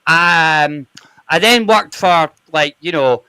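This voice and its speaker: A Scottish man in his forties, joking loudly and bantering in a rowdy live chat. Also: a little high, takes it slowly, a little hiss or hum, rough recording. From Scotland. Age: 40s. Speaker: chat guest.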